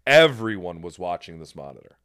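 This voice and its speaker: A man hosting a podcast narrates a story in casual chat, his low voice moving fairly quickly. He's animated, swears liberally, and acts out people's quotes. The studio-quality recording has no echo.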